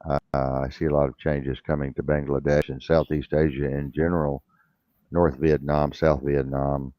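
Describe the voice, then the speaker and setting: A man hosting a casual talk radio show, drawling and often pausing with uh. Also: rumbling low, flat delivery, no room sound. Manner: drawling, repeats himself, says uh often. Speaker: radio host. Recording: dull lo-fi sound.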